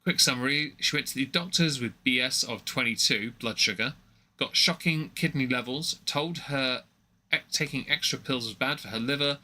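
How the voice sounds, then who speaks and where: A man's voice: mid-range voice, moderate pace, pushed and bright. A young man giving rambling, mocking commentary on a livestream, with many fillers and restarts.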